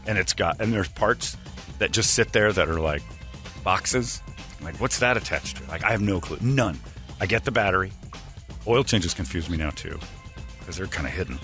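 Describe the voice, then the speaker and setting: A man's voice: sits low, expressive, moderate pace, bright, forceful tone, faint music behind. A man hosting a casual morning radio show, telling stories that mock himself and acting out other people's lines. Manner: self-mocking storyteller, acts out other people's lines.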